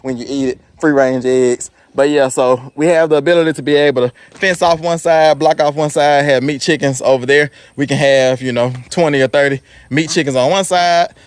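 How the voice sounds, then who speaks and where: Rambling, relaxed man on a farm. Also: a little high, fairly quick, few pauses, clear, resonant tone. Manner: relaxed, rambling, many fillers. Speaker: farm vlogger. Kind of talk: casual walk-and-talk vlog. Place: small farm, outdoors then indoors in a house. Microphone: handheld camera.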